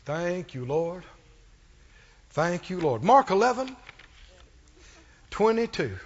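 A man's voice: high voice, big pitch swings, takes it slowly, dull audio. A man preaching a sermon with rising fervor, asking the congregation questions and calling for responses.

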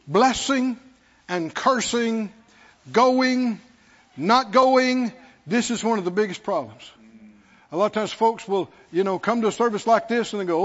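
A man's voice: sits high, measured pace, fairly bright tone. A man preaching a sermon who calls out to the congregation and mockingly acts out worried believers. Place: church sanctuary. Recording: dull lo-fi recording with long hall reverb.

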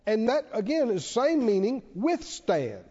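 High, mellow preacher in a reverberant hall. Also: male voice, wildly swooping pitch, a little slow. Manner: emphatic, repetitive, asks the congregation questions. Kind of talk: sermon. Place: church. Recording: dull, lo-fi church hall reverb.

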